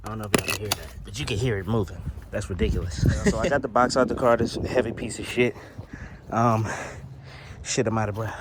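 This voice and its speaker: A man's voice: fairly low pitch, fairly even intonation, fast, heavy background noise. A young man giving a casual, slangy, profane unboxing commentary outdoors beside a car, filming on a handheld phone. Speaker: car audio vlogger.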